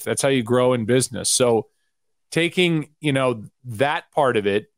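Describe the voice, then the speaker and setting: A middle-aged man, a guest sportscaster, talking candidly in a casual podcast chat and telling stories with quick asides. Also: mid-range voice, no room sound, studio quality.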